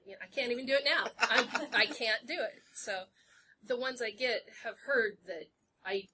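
A woman actor on a convention panel, animated and joking, poking fun at herself. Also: mid-range voice, moderate pace. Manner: animated, joking, self-deprecating.

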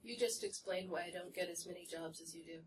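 A woman actor on a convention panel, animated and joking, poking fun at herself. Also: lowish voice, quick pace, a little hiss or hum. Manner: animated, joking, self-deprecating.

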